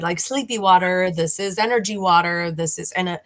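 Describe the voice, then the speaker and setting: A woman with a fairly low voice explains things earnestly in a relaxed conversation. She pauses and reaches for the right words as she goes. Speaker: guest. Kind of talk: casual chat.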